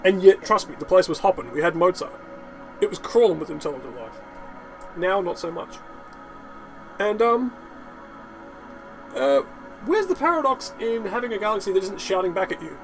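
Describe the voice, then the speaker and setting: A man's voice: high-pitched, expressive, normal speed, long pauses, faint music behind. A man giving rambling, unedited gameplay commentary, swearing, laughing and ranting as he talks. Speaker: gaming channel host.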